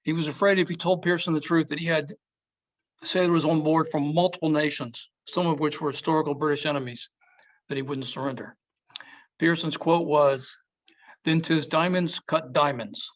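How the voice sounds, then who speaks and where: A man's voice: on the high side, fairly even intonation, moderate pace. A man giving a storytelling history talk as a museum speaker, emphatic and quoting historical figures. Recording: dull lo-fi sound.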